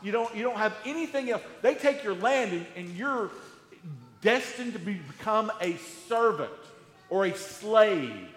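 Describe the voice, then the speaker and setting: Male pastor, high-pitched, emphatic sermon delivery, roomy reverberant church sound. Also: fairly bright tone. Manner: emphatic, repetitive preaching with sarcastic quoted voices. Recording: echoey hall.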